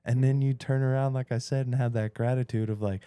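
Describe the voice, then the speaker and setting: A man in his thirties on a podcast, telling a story with lively swings in his voice and a lot of swearing. His voice sits in a middle register. The sound is dry and close, with little room around it. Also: medium pitch, a little fast, clean tone, no room sound. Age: 30s. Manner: animated storyteller, swearing, acting out his own thoughts. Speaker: podcast co-host. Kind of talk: casual chat.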